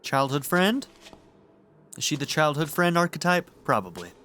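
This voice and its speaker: A man's voice: fairly high pitch, big pitch swings, normal speed, a bit bright, a little hiss or hum. A man in his thirties giving joking, casual commentary while he plays a video game. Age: 30s. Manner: joking, wry running commentary. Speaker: game streamer.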